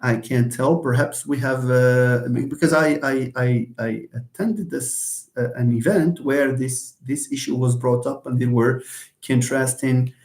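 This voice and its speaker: A man's voice: medium pitch, a little mellow. Hesitant male lecturer in an echoey room. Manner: hesitant, many fillers and repeated words; explains slowly, stretching example words. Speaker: linguistics lecturer. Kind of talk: live online lecture answering comments. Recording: roomy echo.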